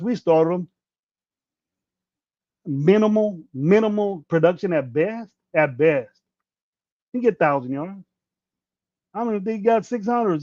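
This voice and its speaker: A man in his fifties delivers a casual livestream rant as a sports podcast host, blunt, profane and rambling with restarts. His voice sits high and is mellow, captured on a dull, dry lo-fi mic with no room sound.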